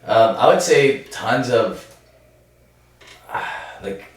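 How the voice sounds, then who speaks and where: A man's voice: medium pitch, animated, extremely slow, very echoey, far from the mic. A man co-hosting a casual podcast, joking loosely and using plenty of "like". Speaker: podcast co-host.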